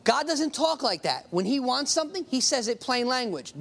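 A preacher reading scripture aloud and explaining it in a casual, conversational way, slowing down to stress key words. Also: mid-range voice, expressive, fairly bright tone. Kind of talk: sermon with Bible reading.

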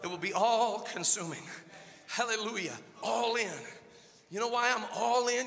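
A man preaching an impassioned sermon as pastor of a church, building from quiet reflection up to shouted exhortation. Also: very high-pitched, normal speed, creaky, echoey room, in a large hall.

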